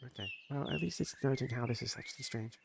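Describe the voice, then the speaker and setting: A man's voice: mid-range voice, fast, creaky, heavy background noise. A man streaming a story game, reading along and making joking, rambling asides full of fillers. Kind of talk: casual game commentary.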